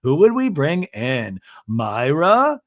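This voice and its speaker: A man putting on a nosy, dramatic reality-TV woman, asking emphatic, drawn-out questions. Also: a little high, wildly swooping pitch, no room sound, clean studio sound, exaggerated voice. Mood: gushing.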